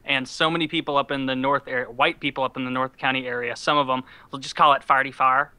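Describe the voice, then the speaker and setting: A man's voice: mid-range voice, steady tone, quick pace, sharp tone, clean tone. A man with a nasal voice chatting casually, sarcastic and profane, often breaking into laughter. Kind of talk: casual chat.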